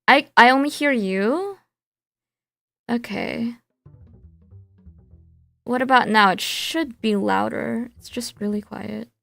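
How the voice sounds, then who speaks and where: Playful woman streamer, higher voice. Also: slow, vocal fry, long pauses, a bit bright, dry recording, faint music behind. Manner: playful, rambling with fillers and restarts. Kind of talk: game stream, reading text aloud.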